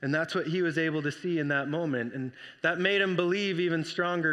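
A man preaching a sermon, telling the story with lively energy and acting out the voices. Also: a little high, brisk, big-room sound. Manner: animated storytelling, acts out voices. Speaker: pastor.

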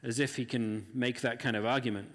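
A man's voice: medium pitch, fairly even intonation, a little fast, a bit bright. A man preaching a sermon in an earnest, conversational way, often acting out the voices of the people he quotes. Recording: long hall reverb.

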